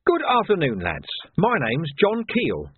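A man voicing a gruff, hard-bitten middle-aged watch sergeant who speaks curtly with dry sarcasm. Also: a little high, wildly swooping pitch, a little slow, pitched above the performer's own voice, full character voice. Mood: brisk. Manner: curt, commanding, dry sarcasm. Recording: tinny narrow audio, dry.

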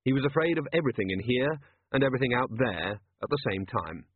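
A man narrating an audiobook in an unhurried, dry storytelling manner. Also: mid-range voice, lively intonation, husky, no room sound. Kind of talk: audiobook narration doing character voices. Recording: tinny lo-fi dry recording.

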